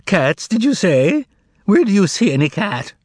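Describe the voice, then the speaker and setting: A man putting on Korovyov, a crackling high-pitched trickster. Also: big pitch swings, measured pace, husky, no echo, clean studio sound, exaggerated voice. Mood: mock-innocent. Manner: theatrical, mock-polite, grandly menacing. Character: crackling, flamboyant tall male trickster. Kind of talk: audiobook character reading.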